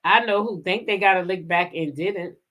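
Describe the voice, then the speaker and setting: A woman's voice: lowish voice, a bit bright. Chatty woman hosting a livestream. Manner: chatty, laughs often, drawn-out greetings. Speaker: channel host. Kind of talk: casual livestream chat greeting viewers.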